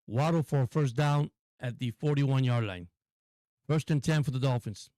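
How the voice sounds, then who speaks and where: A man hosting a live stream and calling football play-by-play in an excitable, repetitive way, often addressing viewers. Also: medium pitch, moderate pace, dry recording. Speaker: host and play-by-play caller.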